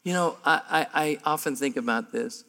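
A man preaching a sermon to a room of men, emphatic and humorous, and his voice climbs higher and louder as he builds. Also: normal speed. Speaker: pastor. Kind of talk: sermon at a men's breakfast. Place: large room before an audience. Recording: live hall with long reverb.

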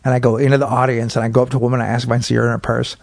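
A middle-aged male comedian, a guest in a home studio man cave, tells a long, profane story in casual chat, animatedly acting out bits of it. His mid-range voice is creaky and racing, captured on a podcast mic with clean studio sound and no echo.

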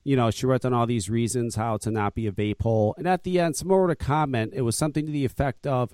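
Talking fast with hardly any pauses, a podcast host who also owns a vape shop rants and grumbles in blunt, profane, casual conversation. His mid-range voice has a darkish, clear, resonant tone, and the recording is dry and studio quality.

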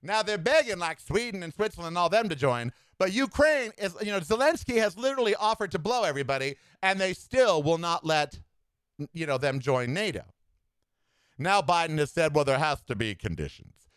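A man hosting a solo podcast, giving sassy, animated political commentary with campy asides. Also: sits high, moderate pace, smooth, no echo. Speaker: podcast host.

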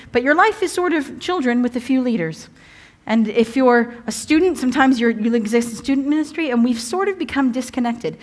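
A woman giving a sermon as a guest preacher, chatty and humorous, often breaking off to restart or joke. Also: a little high. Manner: chatty, humorous, self-interrupting. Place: church evening service.

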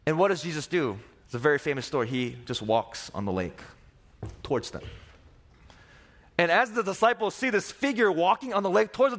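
A young man delivers a sermon in a fairly high voice. He tells the stories with theatrical flair, jumping in and out of the characters' voices. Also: lively intonation, fairly quick, fairly bright tone. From Korea. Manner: dramatic, acts out voices of disciples and Jesus. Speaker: pastor.

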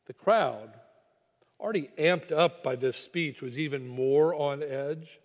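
Male preacher, dramatic sermon storyteller, slightly high voice, long hall reverb. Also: unhurried. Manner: dramatic storyteller, dropping to quiet for weight.

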